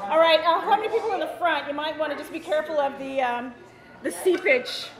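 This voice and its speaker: A woman hosting a talk show, telling animated stories straight to a live studio audience. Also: high voice, fairly quick, a crowd in the background. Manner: animated, chatty, addresses the audience. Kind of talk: storytelling monologue to a studio audience. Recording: echoey studio with audience noise.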